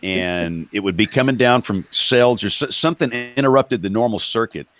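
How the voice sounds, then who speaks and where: A man's voice: fairly low pitch, normal speed, fairly bright tone. A man from Alabama, hosting a casual chat, joking with stammered restarts. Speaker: host.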